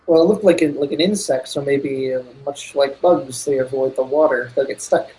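A man's voice: mid-range voice, normal speed, warm tone, slight background noise, poor audio. A man playing a tabletop game, stammering and restarting as he thinks aloud about his moves. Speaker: player.

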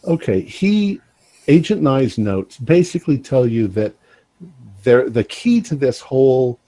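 A man running a tabletop game as game master, measured and relaxed, with some fillers. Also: medium pitch, rough recording.

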